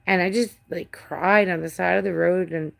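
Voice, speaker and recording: A woman's voice: on the low side, steady tone, normal speed, vocal fry. A middle-aged woman hosting a casual live stream from home, rambling, restarting sentences and swearing now and then. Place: home with a cat.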